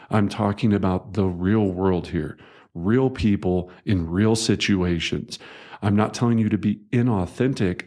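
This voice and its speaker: A middle-aged man with a fairly low voice reads his own sales training book aloud. He talks like a coach across the table, conversational and emphatic, and now and then acts out a quoted voice. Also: mellow. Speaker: real estate coach. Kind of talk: audiobook narration of a sales training.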